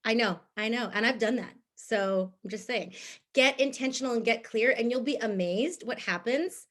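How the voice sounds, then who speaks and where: A bubbly woman coaching her sales team, her voice a little higher than most. She talks in a chatty, upbeat way, full of fillers, and laughs easily. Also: normal speed, a bit bright. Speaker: team leader. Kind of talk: motivational group talk.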